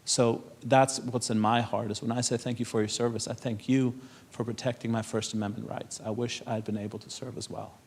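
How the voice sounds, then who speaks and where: A man's voice: mid-range voice, level tone, fairly quick, few pauses, darkish tone, breathy edge. A man from Europe speaking to an audience in a conversational way, telling anecdotes with frequent laughs and repeated words. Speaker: speaker at a public panel.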